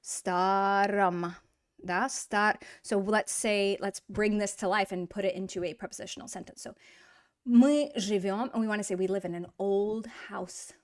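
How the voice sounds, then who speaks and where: A woman teaching a grammar lesson in a chatty, encouraging way, asking rhetorical questions and slowly drawing out example words. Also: medium pitch, fairly even intonation. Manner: drawn-out model pronunciation of example words. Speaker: Russian language teacher.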